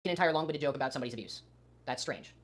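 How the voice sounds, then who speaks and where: A man's voice: medium pitch, expressive, racing. A man co-hosting a commentary stream, reading aloud in a rush and adding wry remarks. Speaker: stream co-host.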